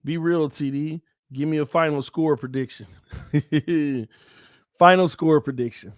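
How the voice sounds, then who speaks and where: A man hosting his own sports fan channel, giving casual commentary to viewers in a playful, excitable way. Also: on the high side, a little slow, no echo, clean studio sound. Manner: playful, excitable, swings between calm and shouting.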